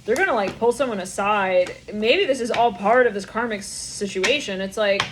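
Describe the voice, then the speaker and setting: A woman's voice: mid-range voice, moderate pace, hardly any pauses, noisy background. A young woman giving a channeled tarot reading, rambling in a stream of consciousness, swearing and laughing often. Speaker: tarot reader.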